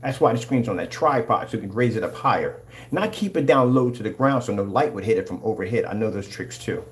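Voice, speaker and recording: A man's voice: fairly low pitch, expressive, fast, a little hiss or hum. Hyped-up man ranting over demos. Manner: hyped, combative, preachy. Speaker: screen paint company owner. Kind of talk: excited product demonstration rant.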